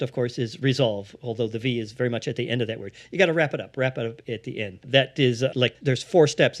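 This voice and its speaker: A man, an improv theatre founder, explaining his craft in a casual interview and slipping into quick acted-out bits. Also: a little high.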